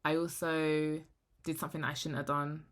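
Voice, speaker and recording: A young woman, talking frankly to camera in a rambling, animated vlog. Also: sits low, normal speed. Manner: rambling, frank and animated, often trailing into hushed asides. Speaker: vlogger.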